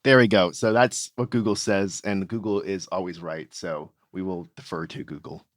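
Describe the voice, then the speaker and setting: A man co-hosts a podcast in a light, friendly chat, reading out listener mail. His voice sits low with fairly even intonation at a normal speed, and the recording is clean studio sound without echo.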